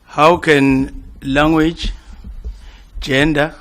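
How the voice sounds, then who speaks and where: A man on a formal interview panel, putting deliberate questions as a commissioner. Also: on the high side, level tone, fairly bright tone.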